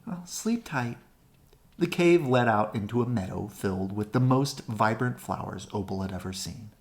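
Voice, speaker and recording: A woman gently and expressively reading a children's picture book aloud. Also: a bass voice, moderate pace. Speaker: storybook reader. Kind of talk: children's read-aloud narration.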